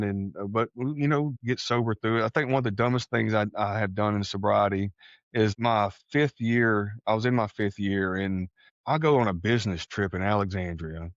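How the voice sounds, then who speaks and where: A man from Texas telling a personal story on a podcast, animated, acting out the voices of people he quotes. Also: fairly low pitch, moderate pace, no room sound, lo-fi sound. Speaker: podcast guest. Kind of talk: casual storytelling.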